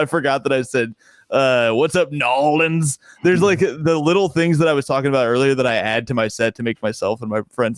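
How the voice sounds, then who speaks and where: A young man, a comedian, talking casually as a podcast guest, telling stories with frequent laughter and sudden jumps in pitch when he gets excited. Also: no room sound, studio quality.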